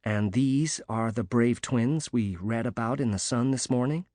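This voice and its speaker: A male narrator voicing a cheery young American woman athlete who speaks brightly and teases gently. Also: mid-range voice, unhurried, dry recording, studio quality, natural voice. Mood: cheery, earnest.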